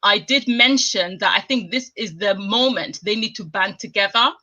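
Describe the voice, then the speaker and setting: A woman's voice: mid-range voice, normal speed, sharp tone, lo-fi sound. A woman chatting on a live stream, talking emphatically in long run-on stretches with an indignant edge. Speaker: guest commentator. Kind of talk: casual live-stream chat.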